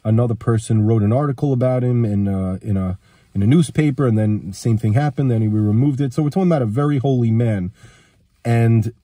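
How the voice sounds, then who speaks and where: A man's voice: medium pitch, fairly quick, warm tone, breathy edge, dry recording, studio quality. A man with a cold telling a personal story in a casual, rambling way, acting out the lines of the people in it. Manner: rambling, acts out quoted dialogue. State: has a cold.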